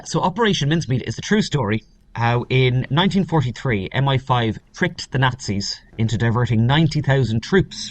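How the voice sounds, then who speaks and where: A man's voice: medium pitch, no room sound. An Irish man, an actor, chatting in a friendly, articulate way as a guest over a video call. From Ireland. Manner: friendly, articulate, occasional restarts.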